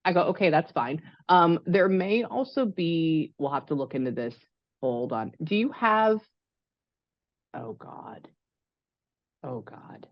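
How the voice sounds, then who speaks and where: A woman's voice: fairly low pitch, normal speed, no room sound, muffled recording. Chatty woman medium on a call. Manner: chatty, excitable, rambling with fillers. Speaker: psychic medium. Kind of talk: casual reading session over a call.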